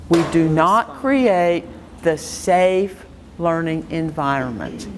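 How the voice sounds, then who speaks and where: A woman educator teaches a live workshop, asking her audience question after question. Her delivery is slow and deliberate, yet her pitch rises and falls in a lively way. She speaks to a room full of listeners. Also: a little hiss or hum. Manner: quizzes the audience with rapid questions. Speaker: Montessori educator giving a workshop talk. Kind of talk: interactive workshop lecture. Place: lecture room before an audience.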